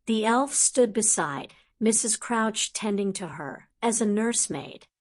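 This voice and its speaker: A woman narrating an audiobook in a steady, unhurried storytelling manner. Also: mid-range voice. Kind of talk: scripted narration.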